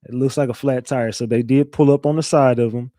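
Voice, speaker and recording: Speaking a little fast in a mellow mid-range voice with fairly even intonation, a man hosts a casual livestream. He talks loosely and profanely, says things more than once, and reads out what viewers write. No echo; studio-quality sound.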